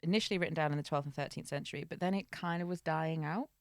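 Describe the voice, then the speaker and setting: A woman's voice: low voice, very fast, no echo. A woman co-hosting a podcast, chatting casually, laughing often and stumbling over hard names while retelling an old tale. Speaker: podcast co-host. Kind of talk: casual chat and storytelling.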